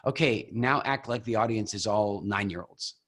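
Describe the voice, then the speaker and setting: A man leading a coaching call over video, telling stories with animated, expressive delivery. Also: fairly low pitch, normal speed. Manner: animated, expressive storyteller who acts out examples. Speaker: program founder coaching coaches.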